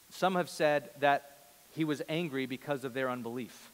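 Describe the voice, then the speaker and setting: A man in his thirties preaching a sermon in a large church, earnest, rising to loud emphasis and dropping to a hush. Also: medium pitch, normal speed, big-room sound. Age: 30s. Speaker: pastor.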